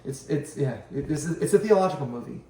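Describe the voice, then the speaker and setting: Man, pastor, casual Bible chat at home, animated quoting, slightly high voice, distant from mic, echoey room. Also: fast talker, slight background noise. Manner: lively, slips into voices when quoting people. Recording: roomy, distant home recording.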